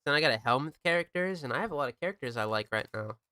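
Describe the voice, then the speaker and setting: Young guy streaming games, chill, cusses a lot, smooth clear tone. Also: mid-range voice, expressive, very fast, sharp tone, no room sound. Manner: laid-back, swears often, jokes with chat. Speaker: game streamer. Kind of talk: casual chat while gaming.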